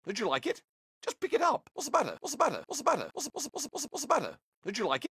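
A voice actor playing a grandiose, eccentric young male inventor with a breathy, theatrical delivery. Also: high voice, huge pitch swings, very fast, a bit bright, no room sound, studio quality, heavily acted. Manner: theatrical, pompous, wildly swooping delivery. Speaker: game character. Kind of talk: video game voice acting.

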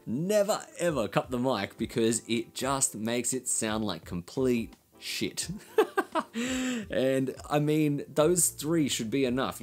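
An Australian man with a nasal voice, explaining recording gear in a blunt, casual way and swearing now and then. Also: mid-range voice. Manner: blunt, swears casually, laughs between points. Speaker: recording studio educator.

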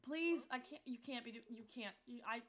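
High-pitched woman streaming a life sim. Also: brisk. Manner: animated, talks to the game characters. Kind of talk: live gameplay commentary.

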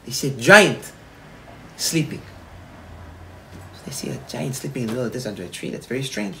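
A man, a rabbi, telling a parable in a sermon, animated, repeating phrases and restarting often. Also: medium pitch, a little fast, rough recording. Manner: animated, repetitive, frequent restarts. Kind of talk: storytelling sermon.

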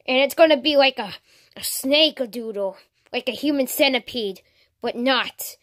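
A woman acting out a homemade toy-figure skit, switching between voices with sudden shouts. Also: sits high, normal speed, no room sound, clean studio sound.

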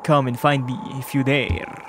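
A man voicing a proud mantis warrior from a video game, with a slow, put-on accent that keeps slipping. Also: medium pitch, level tone, noisy background, pitched below the performer's own voice, close to an everyday voice. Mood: haughty.

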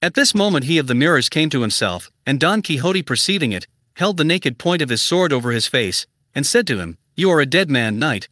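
A male audiobook narrator with a slightly raised, bright and forceful voice. He reads in an even, measured way and barely changes his voice for the characters. The sound is dry and close, with no room around it. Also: fairly high pitch, dry recording. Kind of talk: scripted narration.

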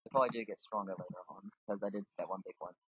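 In this casual let's-play, a male gaming channel host with a deep, husky, fairly bright voice races along in a fairly even intonation. He rambles and mocks himself, thinking out loud as he games, all captured on a dull, lo-fi, dry microphone.

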